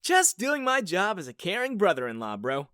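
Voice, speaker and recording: A man voicing a cocky, excited young adult brother who shouts in a high, grinning voice. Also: moderate pace, no echo, studio quality, full character voice. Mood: smug.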